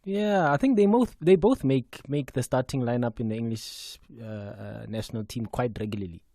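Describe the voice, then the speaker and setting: A man's voice: mid-range voice, normal speed, dark tone, dry recording, studio quality. A man co-hosting a radio sports show, chipping in short remarks and agreements. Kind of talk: casual radio sports chat. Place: radio studio.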